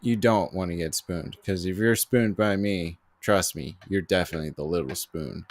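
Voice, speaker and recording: A man's voice: low-pitched, normal speed. A young man co-hosting a podcast in casual chat, rambling with lots of fillers and cursing. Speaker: podcast co-host.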